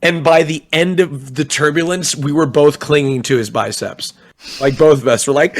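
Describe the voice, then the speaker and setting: A man's voice: fairly high pitch, moderate pace. Rambling young man telling stories. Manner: rambling storyteller, acts out quoted voices. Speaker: co-host of a late-night stream talk. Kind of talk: casual chat.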